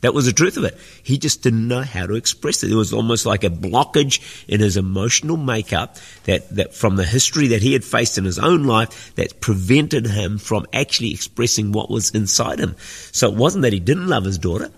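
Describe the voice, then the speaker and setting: Gravelly pastor preaching in an echoey hall. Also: male voice, lowish voice, animated, a little fast. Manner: earnest, teaching with repeated phrases. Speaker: senior pastor. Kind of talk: sermon. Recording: echoey hall with long reverb.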